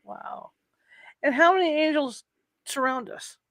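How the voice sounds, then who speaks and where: A woman's voice: high voice, expressive, measured pace, gravelly, rough recording. A woman interviewing a guest, asking curious questions with some hesitation.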